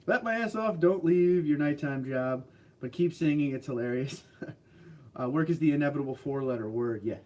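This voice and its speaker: A tired man chats easily through a livestream, running on little sleep but staying upbeat. He reads viewer messages aloud, chuckles often and talks in an easygoing way. His pitch sits in the middle of the range. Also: normal speed, dark tone. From New Jersey, US. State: short on sleep. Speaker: livestream host reading chat. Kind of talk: casual livestream chat.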